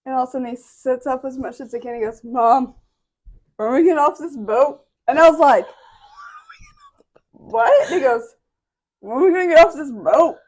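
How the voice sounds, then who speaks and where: A woman with a high voice, talking casually with a friend. She chimes in with quick reactions and laughs easily, then tells a story about her son. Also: darkish tone. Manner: quick reactive listener who laughs often. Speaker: co-host and mother. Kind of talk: casual chat.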